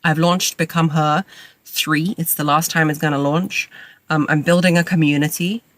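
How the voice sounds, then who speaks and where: A woman's voice: low-pitched, fairly even intonation, normal speed. A woman in her thirties with a cold, hosting a podcast from a parked car, talking in a chatty, rambling and self-mocking way. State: has a cold. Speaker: podcast host. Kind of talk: casual monologue to listeners. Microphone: makeshift mic setup.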